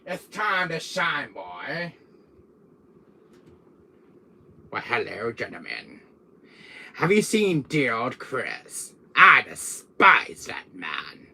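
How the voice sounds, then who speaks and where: A man doing an impression of a cold, menacing male villain mastermind in a put-on British accent, with a slow, drawling, taunting delivery. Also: medium pitch, wildly swooping pitch, creaky, pushed and bright, slight background noise, full character voice. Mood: sneering.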